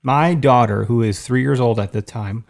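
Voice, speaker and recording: Gravelly-voiced man telling a hunting story. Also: mid-range voice, moderate pace. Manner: animated storyteller, acts out voices in anecdotes. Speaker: podcast co-host. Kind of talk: casual chat.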